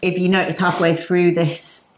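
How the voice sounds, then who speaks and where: A woman's voice: lowish voice, flat delivery, moderate pace, darkish tone, echoey room, a little hiss or hum. A woman co-hosting a casual chat, cutting in with dry, teasing remarks. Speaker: co-host.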